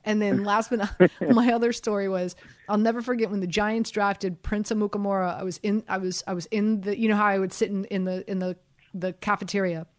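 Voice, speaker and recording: Woman, sports radio host, animated storyteller, dry studio sound. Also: mid-range voice, brisk, dry recording. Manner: animated storyteller, laughs through her stories. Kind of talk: casual radio chat. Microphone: studio microphone.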